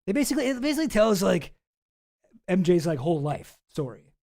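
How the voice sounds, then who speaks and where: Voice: medium pitch, big pitch swings, fairly quick, a little mellow. A streamer giving casual commentary on news files, rambling, sarcastic and swearing freely, with many restarts.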